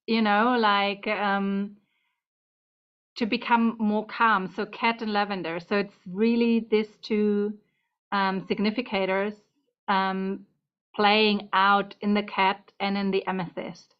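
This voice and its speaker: A woman's voice: medium pitch, level tone, takes it slowly, clear, resonant tone. A woman giving a casual tarot reading to camera at home, chatty and meandering, slightly out of breath. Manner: chatty, meandering, talks to her cat between points. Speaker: tarot reader. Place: home room. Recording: dull lo-fi sound.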